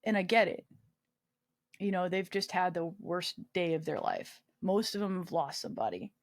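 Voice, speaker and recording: Animated woman telling a story, dry sound. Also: lowish voice, moderate pace, dry recording. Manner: animated storyteller acting out quoted dialogue, frequent swearing and laughs. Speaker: guest, army veteran. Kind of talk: casual storytelling interview.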